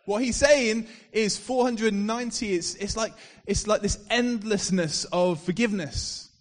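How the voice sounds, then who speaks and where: A man with a fairly high voice preaches to his congregation, telling a parable with animated, swelling emphasis. His voice rings out with a long reverb, as if filling a large hall. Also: unhurried. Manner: expressive storytelling, rising to loud emphasis in dramatic passages. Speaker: pastor. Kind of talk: sermon.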